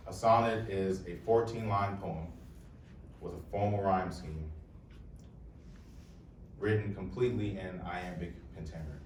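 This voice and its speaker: Deep-voiced young man talking to a live crowd. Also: a little mellow, a little hiss or hum. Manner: casual, joking, addresses the crowd. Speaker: poet and presenter. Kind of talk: live talk to an audience. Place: room with a live audience. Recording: echoey room, voice heard from far off.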